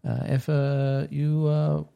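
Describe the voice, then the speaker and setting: A man co-hosting a casual podcast, upbeat and chatty, often pausing with "uh". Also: a little high, monotone, gravelly, warm tone, clear, resonant tone. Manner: upbeat, fills pauses with "uh". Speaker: podcast co-host.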